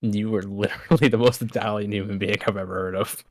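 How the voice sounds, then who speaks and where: A man co-hosting a podcast in casual chat, teasing his co-host with deadpan jabs. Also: lowish voice, quick pace.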